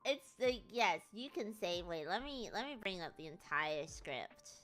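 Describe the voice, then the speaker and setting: A woman's voice: mid-range voice, expressive, a little slow, a bit bright, faint music behind. Chatty British woman streamer. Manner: rambling, jokey, laughs often. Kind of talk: casual chat.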